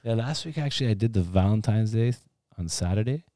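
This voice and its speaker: A man who DJs chats on a podcast with relaxed, offhand remarks. His voice sits very low and the sound is dry and close. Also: quick pace, dry recording. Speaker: DJ and podcast co-host. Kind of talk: casual chat.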